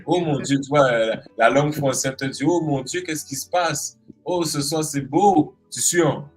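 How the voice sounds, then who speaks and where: Animated Guadeloupean man, playful. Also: fairly high pitch, normal speed, breathy edge, faint music behind, poor audio. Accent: Guadeloupean French. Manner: animated, acts out expressions with playful voices. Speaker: creative arts specialist guest. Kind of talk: casual interview chat.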